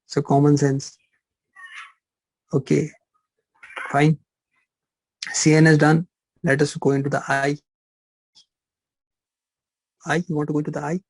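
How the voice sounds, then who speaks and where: A middle-aged man teaches pharmacology in a live online class. His voice sits a little high but stays flat and mellow. The recording is dry and close. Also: measured pace, long pauses, breathy edge, no room sound, poor audio. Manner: repetitive, asks rhetorical questions, teasing. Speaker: pharmacology lecturer.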